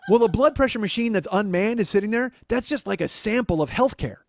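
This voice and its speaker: Fast-talking, profane comedian man. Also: sits high, animated, gravelly, slight background noise. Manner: profane, exasperated rants. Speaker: podcast host. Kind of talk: comedic storytelling monologue.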